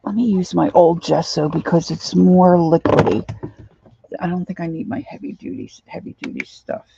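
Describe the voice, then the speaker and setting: A woman's voice: on the low side, normal speed, creaky, dark tone, highs cut off, a little hiss or hum. A middle-aged woman chatting casually to herself and her viewers while she crafts at home, rambling from one thought to the next. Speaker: craft vlogger.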